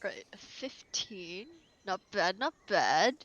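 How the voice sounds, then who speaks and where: A woman's voice: medium pitch, big pitch swings, slow, a bit bright, muffled recording. A woman narrating as game master of a tabletop role-play, rambling with many fillers and easy laughs.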